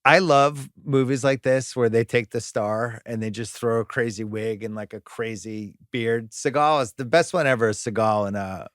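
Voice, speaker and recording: A man's voice: medium pitch, steady tone, moderate pace, hardly any pauses, fairly bright tone, no room sound, clean studio sound. A man hosting a casual movie podcast, reading out review quotes and joking with profanity. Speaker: podcast host.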